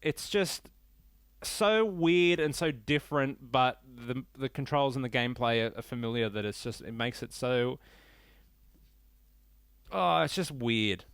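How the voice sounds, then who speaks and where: A man's voice: mid-range voice, lively intonation, unhurried, fairly bright tone, clear, resonant tone, no room sound. Male podcast host, casual and profane, rambling rants, dry and close. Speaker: podcast host reviewing games. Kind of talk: casual solo podcast talk.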